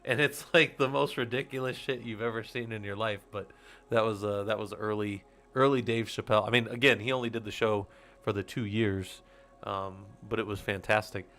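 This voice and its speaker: Here the forty-something host of a Linux user group livestream talks to viewers in a loose, rambling way, with frequent laughter and casual swearing. His voice is fairly low and a bit bright, with fairly even intonation and a brisk pace.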